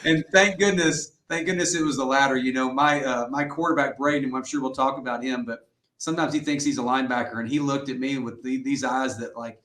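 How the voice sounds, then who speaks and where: A middle-aged man coaching high school football talks earnestly through his stories, slipping into the voices of the people he quotes. His voice sits at an ordinary pitch for a man. The recording carries a noticeable room echo. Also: brisk. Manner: earnest, animated storyteller who acts out quotes. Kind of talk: interview guest storytelling. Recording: roomy echoey sound.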